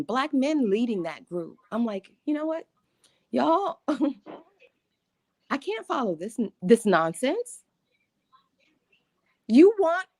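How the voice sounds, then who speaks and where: A woman's voice: high-pitched, no echo. A woman calling in to a show, telling a story emphatically and emotionally, often laughing. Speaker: caller. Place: Harlem.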